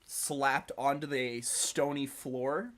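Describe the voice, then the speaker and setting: A man's voice: mid-range voice, fairly even intonation, slow pace, a bit bright. A young man narrating a tabletop game as game master, loose and giggly, swearing casually.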